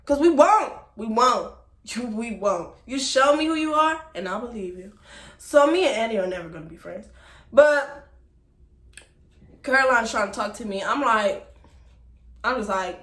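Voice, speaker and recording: Woman, storytime vlog, emphatic, fairly high voice, echoey room. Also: normal speed, pauses often. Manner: animated, emphatic, talks straight to viewers as y'all. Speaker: vlogger telling a personal story. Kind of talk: casual storytime to camera.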